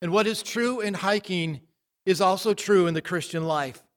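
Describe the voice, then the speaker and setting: A man's voice: sits high, normal speed, in a large hall. A man preaching a sermon, telling stories in a plain, conversational way.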